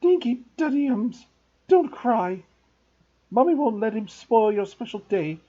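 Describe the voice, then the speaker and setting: A man voicing a shrill, sharp-tongued, fussy aunt in a read-aloud storybook. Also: big pitch swings, slow, husky, dull audio, exaggerated voice. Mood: cooing. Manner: high, shrill, snapping.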